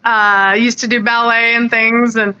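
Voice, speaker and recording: A woman from Colorado chatting as a guest over a call-in line, upbeat and quick to laugh with plenty of ums. Her voice sits high and sounds bright and forceful. The call audio is dull and lo-fi. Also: level tone, smooth. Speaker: guest fighter. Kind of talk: casual chat over a call-in. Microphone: remote call-in.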